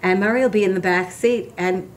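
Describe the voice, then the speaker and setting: A woman's voice: medium pitch, fairly quick, crowd noise. An older woman, a guest on a talk show, chatting and telling her story in a candid, storytelling way. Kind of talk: casual chat.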